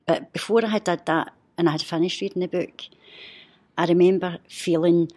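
Fifties woman, podcast guest, low husky voice, emotional halting storyteller. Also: steady tone, mellow. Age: 50s. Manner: heartfelt, halting, with restarts.

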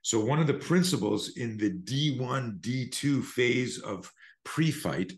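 A man's voice: mid-range voice, expressive, takes it slowly. A middle-aged man, a self-defense instructor guesting on a podcast over a remote call, talks animatedly and profanely, acting out scenarios as he explains. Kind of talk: conversational podcast interview.

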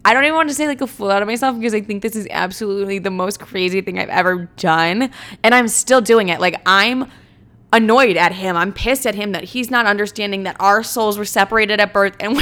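A young woman talks straight to camera in a casual storytime, blunt and self-mocking. Her talk is littered with swearing and "like". The voice sits at a middle pitch for a woman. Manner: lively, many "like" fillers. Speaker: vlogger.

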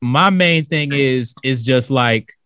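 A man's voice: medium pitch, slow, a bit bright, clear, resonant tone, no room sound. A man co-hosting a radio talk show in a studio, loose and slangy, cursing freely. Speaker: radio co-host.

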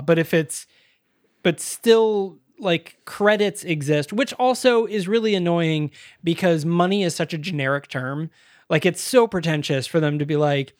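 High-voiced, laughing podcast man. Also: normal speed, no echo, clean studio sound. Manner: laughing, exasperated, swears freely. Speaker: podcast co-host. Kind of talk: casual movie review chat.

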